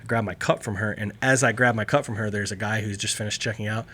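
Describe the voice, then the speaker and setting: A man's voice: on the low side, fairly even intonation, fast, pushed and bright, breathy edge. A man, a podcast guest telling a long anecdote in casual conversation and acting out the people in it. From Texas. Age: 30s. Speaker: podcast guest, beef company founder.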